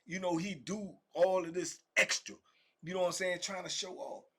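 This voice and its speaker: A man with a Southern US accent telling a prison story in a casual, animated way, acting out the men's voices. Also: normal speed, slightly rough. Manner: acts out the men's voices, rising high and loud for quoted shouting. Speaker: storyteller sharing prison stories.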